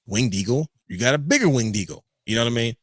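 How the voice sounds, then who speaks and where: A man hosting a casual podcast chat, animated and joking as he rants. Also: mid-range voice, fast talker, no room sound. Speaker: podcast host.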